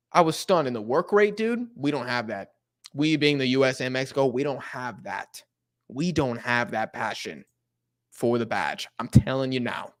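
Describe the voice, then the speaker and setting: Young man, American, casual watch-along host, slangy, animated. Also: mid-range voice. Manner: animated, slangy, reading chat aloud. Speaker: live stream host.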